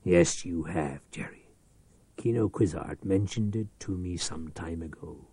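A man reading aloud, voicing a patient, coldly controlled man who keeps his calm. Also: low voice, a little slow, breathy edge, dry recording, pitched below the performer's own voice, full character voice. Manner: cold and patient.

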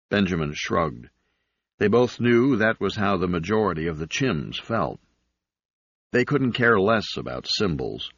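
A man narrating an audiobook in a steady, even reading. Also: low-pitched, unhurried, pauses often, breathy edge, no room sound. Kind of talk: scripted narration. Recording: slightly dull recording.

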